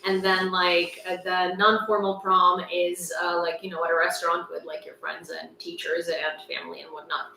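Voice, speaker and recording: A woman's voice: on the low side, level tone, normal speed, vocal fry, few pauses, bright, forceful tone. A young woman from Ukraine hosting a casual livestream, rambling and saying "like" a lot. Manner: rambling, heavy use of "like". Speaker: livestream news host. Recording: roomy sound, distant mic, faint ambience.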